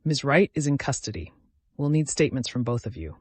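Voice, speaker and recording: Grim policewoman, brisk, official, read by a man, dry close sound. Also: mid-range voice, very animated, no echo.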